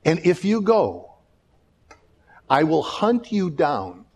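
A pastor in full sermon mode, his somewhat high voice swinging between hushed warnings and loud, excited story beats. He acts out the people in his stories and often restarts his sentences. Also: slow pace, vocal fry, breathy edge. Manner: restarts and repeats words.

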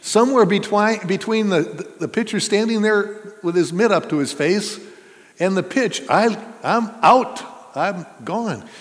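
A high-voiced man preaches a sermon at a measured pace as pastor, standing in a church sanctuary. His delivery is earnest and conversational, full of questions for his listeners, and the hall's reverb is audible.

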